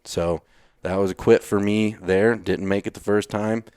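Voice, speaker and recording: A man with a fairly low, steady voice speaks at a moderate pace, his tone slightly mellow and clean, recorded in a clean studio with no echo. He's a retired Navy SEAL from Texas, a podcast guest telling blunt, casual stories in an interview. He swears casually and acts out lines he once said.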